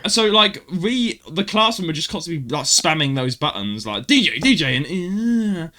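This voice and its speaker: A man's voice: on the high side, sing-song, moderate pace, sharp tone. A young man co-hosting a casual podcast, telling stories animatedly and mimicking voices. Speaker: podcast co-host. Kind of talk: casual chat.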